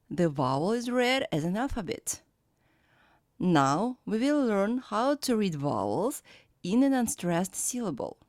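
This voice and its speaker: A woman teaching a language lesson, reading her script and sounding out example words slowly and carefully. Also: medium pitch, no echo, clean studio sound. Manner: slow, careful, clearly pronounced examples.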